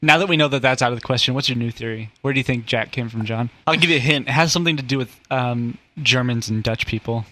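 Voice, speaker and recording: Bright-voiced joking man. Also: mid-range voice, fast talker, hardly any pauses. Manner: joking, rambling explainer. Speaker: podcast host. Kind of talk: casual comedic chat.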